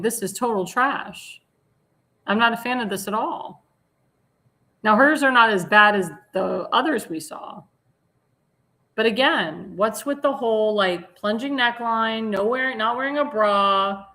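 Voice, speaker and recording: A woman's voice: mid-range voice, bright, forceful tone. A woman hosting a talk show, giving blunt, indignant commentary on slides and sometimes searching for words.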